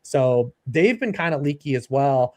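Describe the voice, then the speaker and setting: A man analyzing sports in casual chat, reeling off stats quickly and dropping dry jokes. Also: medium pitch, animated, darkish tone. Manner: rapid stat-heavy talk with dry jokes.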